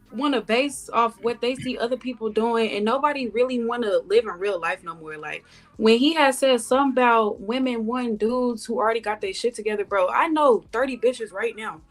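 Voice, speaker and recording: A woman's voice: fairly high pitch, fairly bright tone. A woman panelist on a podcast, speaking bluntly and passionately in slangy casual talk. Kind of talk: heated podcast debate. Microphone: studio podcast mic.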